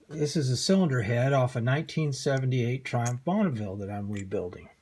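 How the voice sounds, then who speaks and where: Husky older man explaining engine parts. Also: mid-range voice, darkish tone. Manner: folksy and self-deprecating, with frequent ums and uhs. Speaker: hobby motorcycle mechanic. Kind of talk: casual how-to demonstration.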